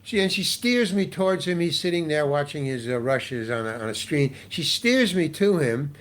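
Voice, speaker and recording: Fairly high-pitched and animated, this older actor speaks at a moderate pace as an interview guest. His long, wandering story is full of restarts and repeated words.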